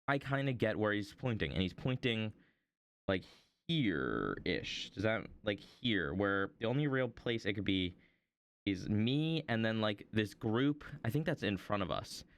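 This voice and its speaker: A man's voice: medium pitch, smooth, dry recording. A young man telling a long story on a casual stream, rambling with many fillers as he draws. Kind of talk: casual storytelling while drawing.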